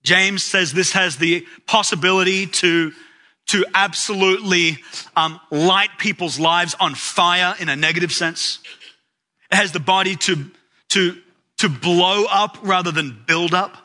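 A man's voice: high voice, fairly even intonation, a little slow, pushed and bright. A man preaching a sermon, telling a story with dramatic rises and sudden drops in his voice. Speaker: pastor.

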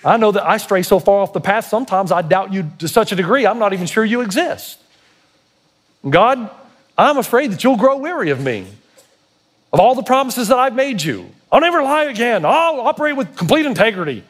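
A man's voice: high voice, animated, moderate pace, slightly rough. A man preaching a sermon, building to emphatic, intense passages and acting out quoted prayers and speech. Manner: acts out quoted prayers and God's words. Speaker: pastor.

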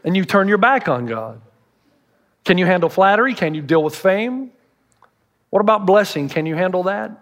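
A man's voice: high-pitched, animated, normal speed, pauses often, fairly bright tone. A man preaching a sermon as a pastor, telling stories and acting out the voices of the people he quotes. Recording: reverberant hall.

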